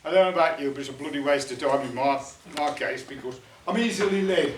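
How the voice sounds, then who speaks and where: A man's voice: on the high side, fast talker, slight background noise. An older man telling a funny story to a folk club audience in a chatty, joking way, with dialect turns of phrase. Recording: echoey room, mic at a distance.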